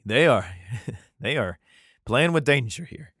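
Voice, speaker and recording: A man's voice: medium pitch, expressive, takes it slowly, long pauses, a bit bright, no echo, studio quality. A man hosting a podcast, reading old scripture aloud and breaking off into crude, irreverent jokes. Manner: irreverent, profane asides. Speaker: podcast host.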